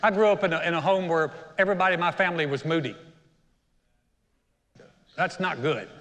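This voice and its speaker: A man's voice: fairly high pitch, brisk, a bit bright, long reverb tail. A middle-aged man, the senior pastor, preaching a sermon in a conversational, storytelling way with self-deprecating humor. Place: church auditorium.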